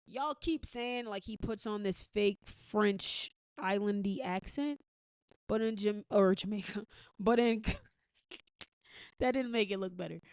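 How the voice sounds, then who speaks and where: A woman's voice: medium pitch, slow, clean tone, no echo. An American woman hosting a podcast, giving blunt, profane commentary in a casual, opinionated way with frequent restarts. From United States. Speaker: podcast host.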